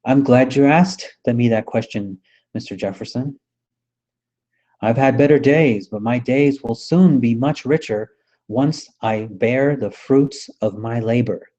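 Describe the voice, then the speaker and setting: A man's voice: mid-range voice, a little slow, mellow, highs cut off, natural voice. A man voicing an old-fashioned, formal farmer who speaks in polite, eloquent phrases. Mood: stately. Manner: stately, formal diction.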